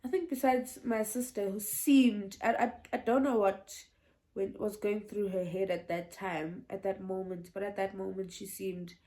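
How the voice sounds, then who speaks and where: A woman's voice: mid-range voice, steady tone, normal speed, warm tone. A young woman telling a casual storytime vlog, chatty and meandering, often restarting and laughing. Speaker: vlogger.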